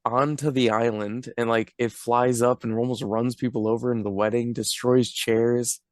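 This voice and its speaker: A man's voice: medium pitch, little pitch movement, normal speed, no room sound, studio quality. Joking young man co-hosting a podcast. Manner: joking, sarcastic, swears. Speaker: podcast co-host. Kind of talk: casual movie recap chat.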